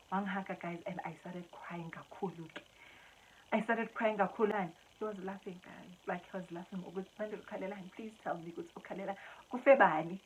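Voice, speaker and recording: Lively South African woman telling a story. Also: on the low side, a little hiss or hum, poor audio. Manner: animated, mixes English with Zulu and Xhosa, laughs often. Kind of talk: casual storytelling to camera.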